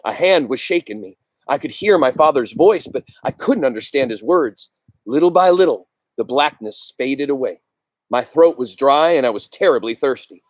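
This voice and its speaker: A man reading a novel aloud with expressive delivery, pausing for asides to his listeners. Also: medium pitch, no echo. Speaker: reader.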